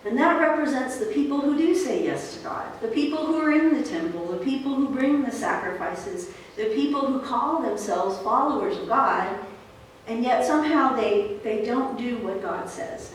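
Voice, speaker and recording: A woman pastor preaching a sermon in a relaxed, conversational storytelling way, with fillers. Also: a little high, normal speed, a little hiss or hum. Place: church sanctuary. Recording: echoey church hall from far off.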